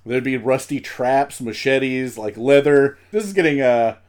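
A man's voice: mid-range voice, unhurried. A man co-hosting a comedy podcast, casually recounting events with fillers and swearing. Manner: relaxed, profane recounting with fillers. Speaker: podcast co-host.

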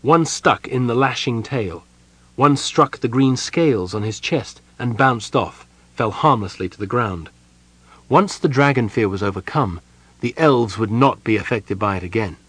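Man, audiobook narrator, measured dramatic delivery, medium pitch, dry close sound. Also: expressive, a bit bright, breathy edge, dry recording. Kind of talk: scripted narration.

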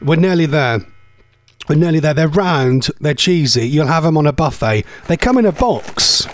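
A man's voice: on the high side, animated, normal speed. A man presenting a chatty live radio quiz, thinking aloud and sounding playfully exasperated. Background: music bed.

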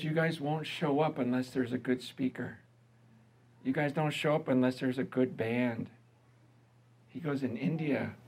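Husky-voiced conversational male pastor. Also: mid-range voice. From American. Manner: conversational, lively, laughs with the congregation. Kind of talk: sermon.

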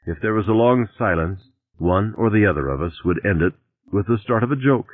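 A man's voice: on the low side, animated, fairly quick, slight background noise. A man reading a novel aloud in a dry, wry first-person voice. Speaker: audiobook narrator. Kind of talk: audiobook reading. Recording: tinny dry lo-fi recording.

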